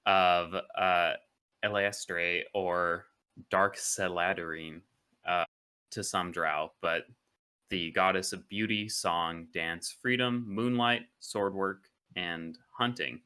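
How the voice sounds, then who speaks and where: Male player, deep voice, slow delivery, wry and relaxed, smooth tone. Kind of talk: casual chat.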